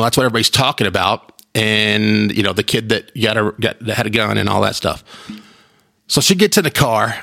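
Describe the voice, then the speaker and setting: A man's voice: mid-range voice, a bit bright. A man hosting his own podcast, telling stories in a chatty, rambling way with frequent restarts. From Texas. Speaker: podcast host. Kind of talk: casual solo podcast chat.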